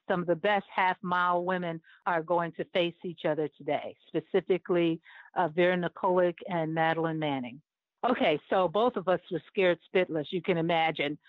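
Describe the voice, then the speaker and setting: A woman's voice: fairly low pitch, no room sound. A woman in her seventies, a former Olympic runner, telling a vivid, emotional personal story in an interview and laughing often. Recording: dry, tinny phone-line sound.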